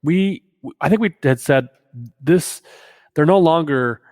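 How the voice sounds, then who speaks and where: A man co-hosting a casual podcast, talking in a measured, thoughtful way with many pauses and fillers. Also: on the high side, a little mellow, no room sound, clean studio sound, in a large hall. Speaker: podcast co-host.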